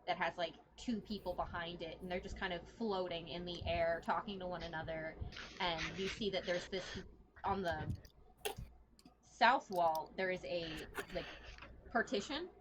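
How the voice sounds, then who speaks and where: A woman's voice: lowish voice, normal speed, noisy background. A woman narrating a tabletop horror game as game master, rambling with many fillers.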